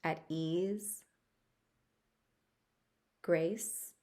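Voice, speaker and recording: A woman guiding a tapping session for stress relief, talking in a gentle, chatty coaching way with a few fillers. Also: lowish voice, fairly even intonation, drawn-out words. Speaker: tapping practitioner.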